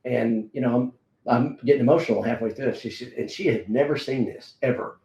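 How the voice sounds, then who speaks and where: A middle-aged man, a martial arts instructor, tells a personal story in a relaxed, halting way, with many fillers and restarts. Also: mid-range voice, dull audio. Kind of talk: casual conversational storytelling. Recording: roomy echo.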